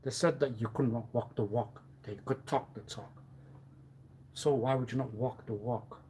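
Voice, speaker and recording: A man on a livestream delivering a rambling, theatrical monologue, full of rhetorical questions and menacing threats, that swings from hushed mutters to loud outbursts. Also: mid-range voice, steady tone, normal speed, breathy edge.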